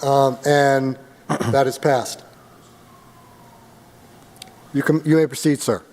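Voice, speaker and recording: Flat-voiced man chairing a meeting. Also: mid-range voice, big-room sound, a little hiss or hum. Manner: halting, hedging with fillers. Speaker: board chair. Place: city council chamber.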